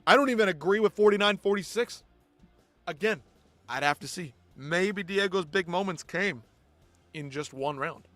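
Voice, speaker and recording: A man's voice: high-pitched, normal speed, fairly bright tone, dry recording, soft background music. A man hosting a live post-fight show, ranting bluntly and with heavy swearing. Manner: blunt, profane, exasperated ranting. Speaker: host.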